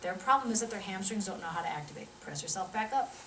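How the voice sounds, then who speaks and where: A woman, a physical therapy instructor, teaching a live demonstration and coaching a volunteer through an exercise with quick cues and encouragement. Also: medium pitch, lively intonation, a bit bright, slight background noise. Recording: roomy sound from a distant mic.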